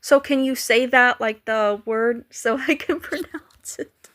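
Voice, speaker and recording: A woman's voice: on the high side, unhurried, fairly bright tone. A woman live streaming, chatting casually with viewers and playfully trying to pronounce foreign greetings.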